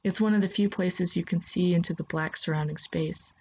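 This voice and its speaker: A woman narrating a second-person story in a soft, steady voice. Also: lowish voice, brisk, a little hiss or hum.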